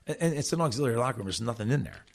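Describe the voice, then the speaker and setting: A man's voice: medium pitch, racing, creaky. A middle-aged man from South Jersey, an interview guest telling stories from his playing career with lots of restarts and repeated words. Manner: animated storyteller with many restarts. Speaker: interview guest, former player and coach. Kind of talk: storytelling conversation.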